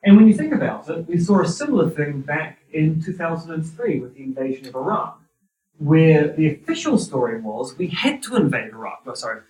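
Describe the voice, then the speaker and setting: A man's voice: fairly high pitch, big pitch swings, brisk, darkish tone. Wry New Zealand man lecturing in a hall. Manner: wry, dry humor. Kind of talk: university lecture. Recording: roomy hall, distant mic.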